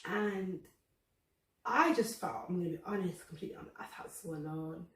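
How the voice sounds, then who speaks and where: A woman's voice: lowish voice, moderate pace. Earnest woman in an echoey room. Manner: earnest, emotional, confessional. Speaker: faith podcast host. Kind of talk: candid personal faith reflection. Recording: roomy echo, distant from the mic.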